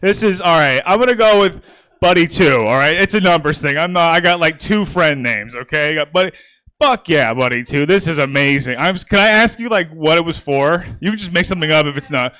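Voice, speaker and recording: Rambling stand-up comic man, smooth voice. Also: a little high, animated, brisk, pushed and bright. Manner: rambling, crowd work, conversational. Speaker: stand-up comedian. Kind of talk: stand-up comedy set. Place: small comedy theater, live audience.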